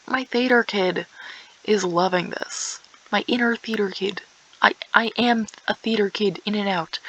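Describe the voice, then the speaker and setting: A teenage girl talks over her gameplay in a slow, drawn-out ramble. Her voice carries a gravelly fry, and she often slips into whispers or sings a few lines. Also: medium pitch, fairly bright tone, muffled recording. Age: teens. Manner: rambling, self-aware, drifts into whispers and song. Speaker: gaming streamer. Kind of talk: casual gameplay chat.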